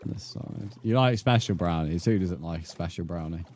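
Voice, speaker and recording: A man's voice: low voice, brisk, a little mellow, slight background noise. A man livestreaming a game, chatting bluntly and swearing as he reads out his chat. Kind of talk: casual live gaming stream chat.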